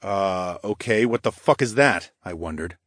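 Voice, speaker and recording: Husky-voiced man narrating a fantasy audiobook. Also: sits low, a little slow, dry recording, clean studio sound. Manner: gruff, profane and animated. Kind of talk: first-person fantasy narration.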